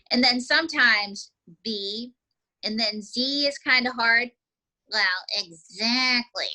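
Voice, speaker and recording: Bright, slightly high woman coaching a beginner, chatty and demonstrative. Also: poor audio. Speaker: ventriloquism teacher. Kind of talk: casual instruction.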